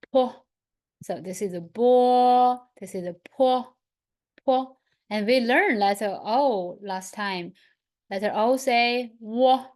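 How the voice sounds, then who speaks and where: A woman teaching an online lesson, leading slow, patient pronunciation drills and repeating each sound. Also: mid-range voice. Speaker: language teacher.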